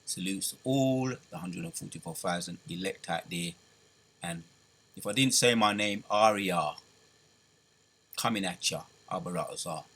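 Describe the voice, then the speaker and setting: A man delivers an emphatic video sermon, repeating his lines and punching them upward. His voice sits fairly low but sounds bright and forward, with a husky edge. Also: moderate pace. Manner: emphatic, repeats phrases, rising exclamations. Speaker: preacher. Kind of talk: street-style religious video sermon.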